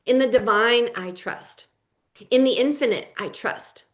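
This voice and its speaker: Woman, life coach, slow unhurried delivery, emphatic word stress, spiritual teaching. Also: on the high side. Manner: deliberate and emphatic, stressing single words. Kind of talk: teaching a live coaching session.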